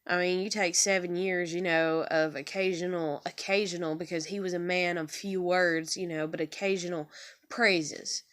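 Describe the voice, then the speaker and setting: Young woman vlogger, low-voiced, near tears, rambling and swearing; raw confessional monologue. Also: fairly even intonation, moderate pace, a bit bright. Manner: rambling, profane, heartfelt. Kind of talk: emotional personal monologue to camera. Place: bedroom.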